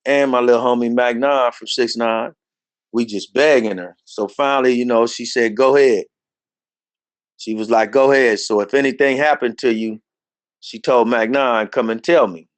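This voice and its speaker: Animated storytelling man, dry sound. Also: dry recording. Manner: animated, acts out quoted voices in a higher pitch. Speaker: interview guest telling his life story. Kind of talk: casual storytelling.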